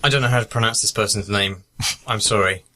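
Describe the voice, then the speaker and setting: A man's voice: on the low side, quick pace, a little hiss or hum. A man co-hosting a podcast, reacting wryly and reading out listener mail. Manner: wry, expressive reactions. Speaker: podcast co-host. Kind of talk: casual chat.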